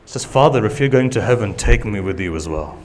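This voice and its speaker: A male preacher telling a tragic story in an emotional sermon, often dropping to hushed tones and then rising again. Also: fairly low pitch, lively intonation, fast talker, slight background noise. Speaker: Muslim preacher.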